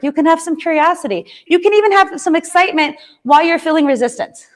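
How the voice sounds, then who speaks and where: Bubbly high-voiced woman telling a story. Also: fast talker, few pauses. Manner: animated storytelling, laughs often, acts out her own past lines; frequent tag "right?" and "like" fillers. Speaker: professional speaker. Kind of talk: keynote talk with personal story.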